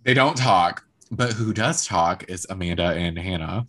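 Casual, animated podcast co-host. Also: low voice, unhurried. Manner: animated storyteller, acts out quotes, many "like" fillers. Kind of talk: casual reality-TV recap chat.

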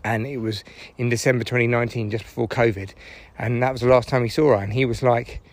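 A man's voice: mid-range voice, steady tone, fast, no room sound. A man hosting a podcast, rambling in a sweary, jokey monologue while out on a walk. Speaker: podcast host. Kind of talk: casual monologue while walking. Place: outdoors on a walk.

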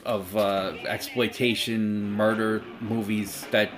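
A man's voice: lowish voice, little pitch movement, takes it slowly, music in the background. A man with a New York accent chatting on a film commentary track, with frequent fillers. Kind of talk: casual commentary-track chat.

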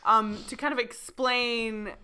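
A woman co-hosting a podcast in casual chat, playful and quick to laugh. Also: fairly high pitch, fairly even intonation, pushed and bright, clean tone. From Latin America or Spain. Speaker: podcast co-host.

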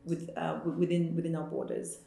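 A woman's voice: deep voice, level tone, fairly quick, gravelly, mellow. Zimbabwean woman host in a very echoey room. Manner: probing, asks pointed follow-up questions. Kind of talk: podcast interview.

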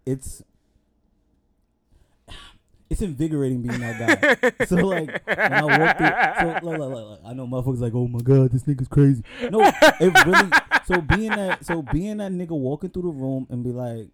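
A man's voice: fairly high pitch, big pitch swings, moderate pace, pushed and bright. A man co-hosting a casual podcast chat, telling dating stories in loose slang and acting out the quoted lines. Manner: laid-back slang storytelling, acts out quoted dialogue. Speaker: podcast co-host.

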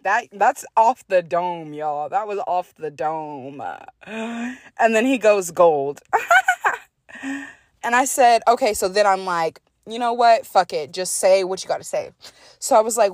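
A woman's voice: on the low side, a little mellow, no echo, clean studio sound. A young woman hosting a podcast, chatting casually and animatedly, reading out text messages and swearing freely. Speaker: podcast host. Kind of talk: casual storytelling chat.

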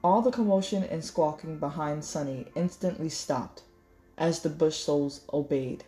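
A woman reading a novel aloud in measured storytelling, correcting small slips as she goes. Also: deep voice, dark tone, faint music behind. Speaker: audiobook reader.

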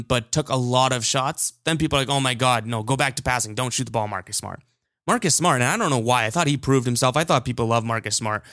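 Animated man ranting on a podcast. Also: medium pitch, dry recording, studio quality. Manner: animated, opinionated, with frequent restarts. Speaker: podcast host. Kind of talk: casual sports podcast rant.

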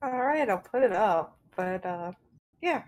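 A woman at a tabletop game talks casually about her character. She sounds relaxed and easy, and her voice sits at a middle pitch. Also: a little slow, low-quality recording. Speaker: player. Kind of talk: casual tabletop role-play.

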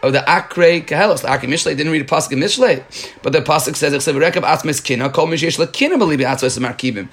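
A man's voice: a little high, fast talker, fairly bright tone, slightly rough. Man working through a Talmud page. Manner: reads Aramaic aloud, then explains in English with frequent restarts. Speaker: Talmud teacher. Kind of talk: reading and explaining a Talmud page.

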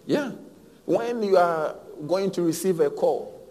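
A man's voice: high voice, animated, takes it slowly, slight background noise. Preaching man in reverberant hall. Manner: emphatic preaching with big swings in loudness and repeated phrases. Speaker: pastor. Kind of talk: sermon.

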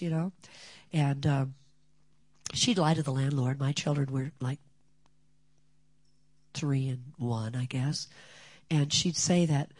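Animated older woman telling a story. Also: low voice, dry recording. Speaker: speaker at a women's gathering. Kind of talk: personal testimony talk.

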